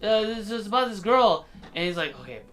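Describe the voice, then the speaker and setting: A man's voice: sits high, very animated, brisk, fairly bright tone, faint music behind. A man co-hosting a casual anime podcast, animatedly retelling scenes and acting out the characters' lines. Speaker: podcast co-host. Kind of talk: casual anime review chat.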